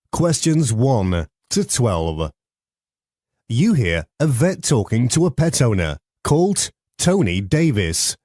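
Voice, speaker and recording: A man announcing exam sections and instructions slowly and deliberately. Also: medium pitch, a little mellow, no echo, clean studio sound. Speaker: exam narrator. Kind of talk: scripted narration of test instructions.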